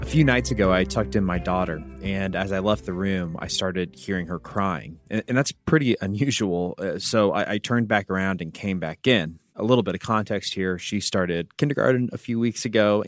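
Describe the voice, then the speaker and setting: A man's voice: sits low, moderate pace, no echo, clean studio sound, soft background music. Earnest man hosting a Bible talk. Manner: earnest storytelling, drops soft and quiet for tender moments. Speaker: podcast host.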